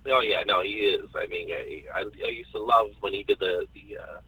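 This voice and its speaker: A man's voice: fairly low pitch, moderate pace, sharp tone, husky, no echo, rough recording. A man in a casual podcast chat, enthusiastic and often repeating words while he searches for what to say.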